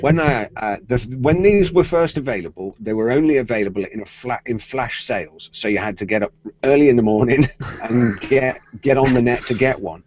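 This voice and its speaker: A man's voice: mid-range voice, a little fast, darkish tone. A middle-aged man co-hosting a tech podcast, telling a story playfully and acting out the voices of the people in it. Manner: playful storyteller who acts out quoted voices. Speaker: podcast co-host. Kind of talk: casual tech chat, storytelling. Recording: dry, slightly muffled podcast audio.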